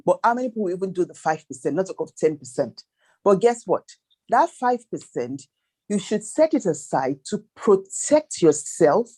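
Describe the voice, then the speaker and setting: A financial planner appears as a guest on a panel, her voice low-ish, warm and slightly rough. She gives emphatic advice, running through percentages and firing off rhetorical questions.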